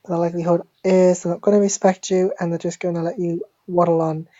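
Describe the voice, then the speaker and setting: A woman giving a deadpan parody language lesson, speaking slowly and deliberately and repeating each word like a teacher. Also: lowish voice, dry recording. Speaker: mock French teacher. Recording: dull lo-fi phone screen recording.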